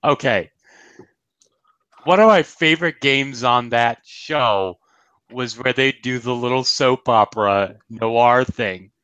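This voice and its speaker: Young male co-host, unhurried delivery, dry close sound, giggly. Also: medium pitch, fairly bright tone, smooth, no echo, muffled recording. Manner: laughs often, quotes comedy lines. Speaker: podcast co-host reviewing a cartoon episode. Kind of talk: casual chat.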